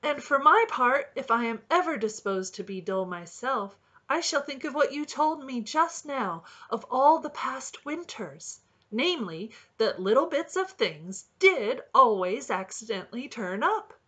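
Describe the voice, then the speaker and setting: A woman's voice: medium pitch, big pitch swings, slow pace, heavily acted. Woman playing a cheery little robin. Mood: cheery, earnest. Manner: bright, eager and encouraging. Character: cheerful young male robin, wise and earnest.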